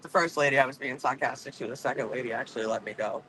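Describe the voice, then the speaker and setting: A man's voice: mid-range voice, fast, sharp tone, a little hiss or hum, poor audio. A man chatting casually to his stream viewers from his car on a phone. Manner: chatty, rambling, swears. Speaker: livestream host. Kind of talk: casual chat while driving.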